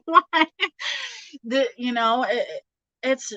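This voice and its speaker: A woman's voice: medium pitch, takes it slowly, long pauses, sharp tone, no room sound, rough recording. A woman giving a casual tarot reading, chatty, with many fillers and frequent laughter. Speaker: tarot reader.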